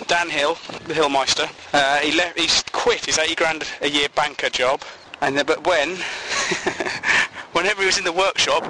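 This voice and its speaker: A man's voice: fairly high pitch, noisy background. A man rambles through a comic monologue, swearing and laughing at his own jokes.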